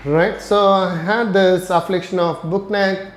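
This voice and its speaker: A man's voice: high voice, steady tone, a little slow. A middle-aged man telling a casual story with many ums and uhs, often ending with "right?". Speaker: host of a neurorehabilitation channel. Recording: echoey room.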